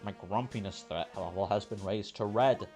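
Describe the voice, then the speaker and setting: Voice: deep voice, moderate pace, darkish tone, faint music behind. A let's player giving crude, sardonic commentary while reading a game aloud.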